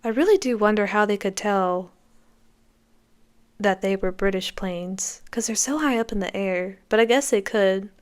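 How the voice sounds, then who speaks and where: A woman podcast host reacts to a film as the scenes play, her commentary enthusiastic and conversational. Her voice is medium in pitch and clear with a resonant tone, and she talks at a moderate pace.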